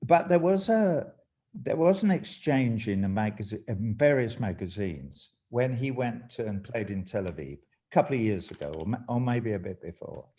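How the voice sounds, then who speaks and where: An older man with an English accent on a video call, reading a short story aloud and chatting with lively, animated delivery. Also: mid-range voice, normal speed. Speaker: guest musician.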